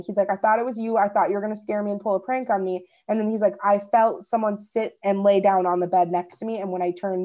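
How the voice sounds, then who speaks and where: A young woman co-hosts a podcast, telling stories in relaxed chat with a mellow, medium-pitched voice. She swears freely and acts out what people said.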